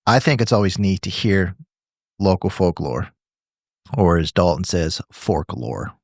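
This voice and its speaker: A man's voice: sits low, measured pace, dry recording, clean studio sound. A man co-hosting a podcast in casual chat, rambling and leaning on filler phrases as he talks. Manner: rambling, leans on "you know" and restarts. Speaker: podcast co-host.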